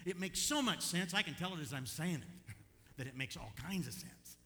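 A man preaching with a bright, fairly high voice that leaps up and down in pitch. His delivery is folksy and animated, with chuckles between points. His voice carries a long church reverb. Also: normal speed. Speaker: pastor. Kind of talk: sermon.

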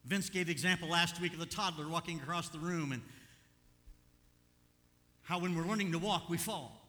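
Older male pastor, bright forceful voice, animated sermon delivery, church reverb. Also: fairly high pitch, normal speed. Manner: animated, swings from quiet asides to loud urging.

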